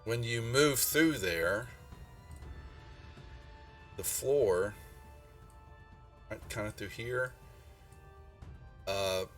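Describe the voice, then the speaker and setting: On a live stream, a male game master narrates a tabletop game in a medium-pitched voice. He goes slowly, rambling and hunting aloud through his notes. Faint music plays behind him, and the mic is distant.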